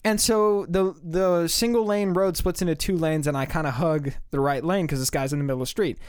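A young man with a slightly high voice hosts a casual podcast, telling stories with lively rises in pitch. The sound is dry and close, with no room around it. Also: a little fast, clean tone, no echo. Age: young adult. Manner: animated storytelling, rising pitch when excited. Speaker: podcast host.

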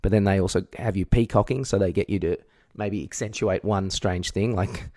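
Male podcast co-host, lowish voice, stop-start delivery, dry close recording. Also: steady tone, a little mellow, no echo. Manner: halting, many restarts and fillers, chuckles. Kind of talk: casual chat.

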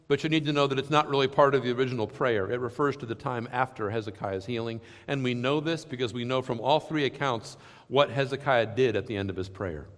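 An earnest male pastor preaching in a church sanctuary, asking pointed questions of his listeners. His mid-pitched voice swells and falls back to soft lows, carried by a long hall reverb. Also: fairly quick. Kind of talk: sermon.

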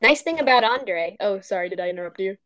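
A woman playing a tabletop game, excitable and quick to laugh. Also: mid-range voice, no echo, clean studio sound. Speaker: player. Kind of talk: casual tabletop game play.

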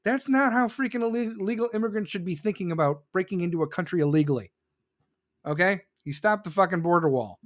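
A man's voice: high voice, fast. A man doing a heated, sarcastic and profane political rant, reading viewer comments and mocking others.

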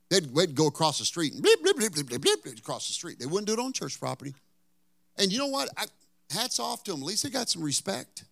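A man preaching a sermon, telling a story and then pressing his point, at times rising to loud outbursts and at times dropping to a whisper. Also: fairly high pitch, creaky, dry recording, clean studio sound. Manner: drops to a whisper for emphasis. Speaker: pastor.

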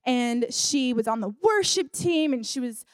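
High-voiced young woman preaching casually. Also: expressive, a little slow, smooth, no echo. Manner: chatty, with many fillers and acted quotes. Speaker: speaker at a church service. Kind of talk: casual sermon with a story.

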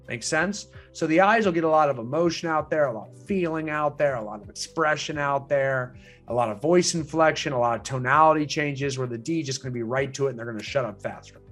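Emphatic male sales trainer. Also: fairly bright tone. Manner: emphatic, repeats points, asks rhetorical questions; swings pitch up and down for emphasis. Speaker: real estate sales trainer. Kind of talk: training lecture.

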